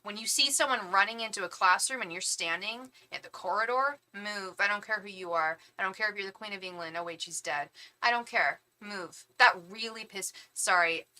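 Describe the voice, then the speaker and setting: Bright-voiced woman venting in casual chat. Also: medium pitch, brisk. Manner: animated, venting, quotes people, swears. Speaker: tarot reader hosting a live stream.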